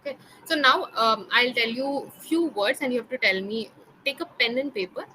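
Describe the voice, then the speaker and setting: A woman's voice: on the high side, normal speed, sharp tone, slight background noise, rough recording. A young woman tutoring pronunciation patiently, spelling words out letter by letter and checking in often. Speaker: English tutor. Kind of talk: online pronunciation lesson.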